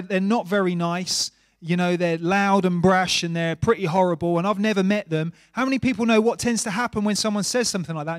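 A middle-aged man preaching a sermon in a church, earnest, dropping to a hush and rising to emphasis. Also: high voice, no room sound, studio quality. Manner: earnest, varies volume from soft hush to emphatic. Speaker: pastor.

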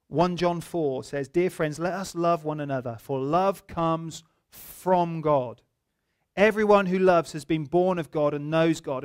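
High-voiced man preaching. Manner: conversational preaching with humorous anecdotes. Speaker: pastor. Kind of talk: sermon.

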